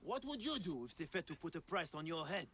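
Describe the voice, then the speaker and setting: A man's voice: a little high, very animated, a little fast, fairly bright tone, a little hiss or hum. An actor playing a guarded male metalwork merchant in a video game who evades every question. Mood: wary. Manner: guarded, evasive, cries out his wares.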